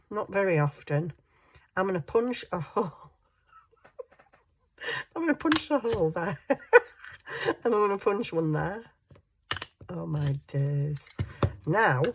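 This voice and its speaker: A woman's voice: on the low side, slight background noise. A woman crafting at her home desk, thinking aloud in a rambling, self-mocking way with frequent chuckles. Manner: chuckles often while working. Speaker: craft journaling vlogger. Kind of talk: casual crafting chat.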